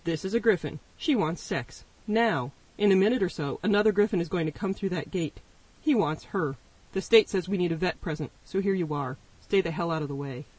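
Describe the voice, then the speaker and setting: A man voicing a sharp-tongued, impatient woman who handles griffins, talking in a curt, bossy way. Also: sits high, fairly quick, hardly any pauses, breathy edge, no echo. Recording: voice distant from the mic.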